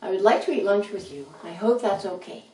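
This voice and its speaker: A woman voicing a patient, friendly male red rat who explains things gently, in a roomy, distant recording with faint noise. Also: medium pitch, lively intonation, fairly quick, close to an everyday voice.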